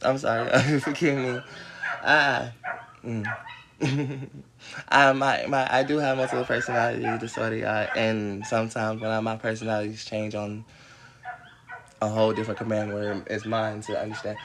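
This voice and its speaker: A man hosting a casual livestream from home, rambling and swearing, who now and then breaks off to yell at dogs near a porch. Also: fairly low pitch, level tone, normal speed, background noise. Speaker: livestream host.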